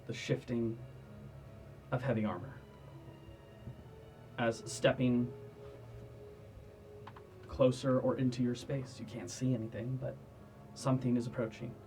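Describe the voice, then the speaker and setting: A man's voice: medium pitch, level tone, measured pace, long pauses, a little mellow, faint music behind. A man running a tabletop game as game master, narrating scenes and often laughing at the table. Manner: laughs often, apologetic asides.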